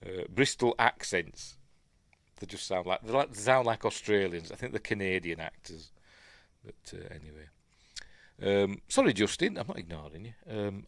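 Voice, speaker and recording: Yorkshire host, middle-aged man, lowish voice, dry close mic, rambly chatty film talk. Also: lively intonation, normal speed, creaky, fairly bright tone, no room sound. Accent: Yorkshire English. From Yorkshire, England. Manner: chatty, rambling, self-deprecating asides. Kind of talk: casual live film commentary.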